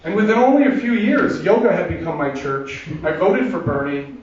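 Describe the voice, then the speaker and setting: A man tells comic stories about himself on a theater stage, chatty and self-deprecating, with a slightly high voice. The sound is distant and echoey, picked up from across a big room on a dull, muffled recording. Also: lively intonation, crowd noise. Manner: self-deprecating, chatty, with restarts and quick asides. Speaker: comedian performing a solo show. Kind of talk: stand-up storytelling. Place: theater stage before a laughing audience.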